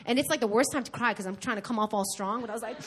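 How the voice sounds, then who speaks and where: A woman from New York preaching a sermon at a church service, telling her own story in a candid, animated way with emphatic repetition. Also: on the high side, noisy background. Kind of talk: sermon with personal testimony.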